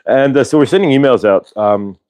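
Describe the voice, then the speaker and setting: A man hosting a casual spiritual livestream, reading cards and talking in a rambling, halting way with many fillers and restarts. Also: medium pitch, a little mellow. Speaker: channeler and show host.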